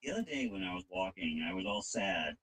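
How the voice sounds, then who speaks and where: A man's voice: deep voice, lively intonation, fairly quick, fairly bright tone, breathy edge, poor audio. A man chatting casually and joking around while playing a game with a friend. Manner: joking, goofy voices. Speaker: co-player. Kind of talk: casual gaming chat.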